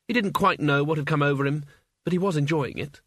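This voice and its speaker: Male narrator, audiobook, husky, fairly high, wry and even, dry close mic. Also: fast talker, no echo.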